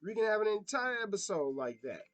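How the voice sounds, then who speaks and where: A man's voice: sits high, a little fast, poor audio. A man talking through a casual, profane rant and laughing at his own slips. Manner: animated, profane, laughs at himself. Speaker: commentator.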